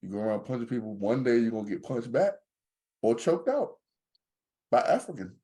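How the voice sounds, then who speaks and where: A man's voice: medium pitch, fairly quick. A man co-hosting a podcast, in casual joking banter. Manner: joking, animated storyteller. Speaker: podcast co-host.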